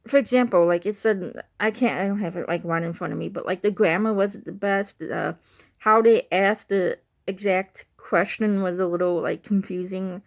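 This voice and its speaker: A young woman from Chicago, Illinois, with a matching accent speaks in a mid-range, steady voice at normal speed. She's a vlogger who has just woken up tired and rambles to camera in casual chat, filling her talk with "like" and "you know."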